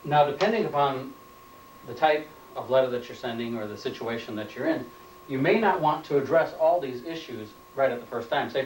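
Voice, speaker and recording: A man's voice: mid-range voice, a little mellow, recorded from a distance, a little hiss or hum. Man lecturing from across a roomy space. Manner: plain, repeats key points as questions. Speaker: instructor. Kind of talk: training lecture. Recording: roomy, off-mic room sound.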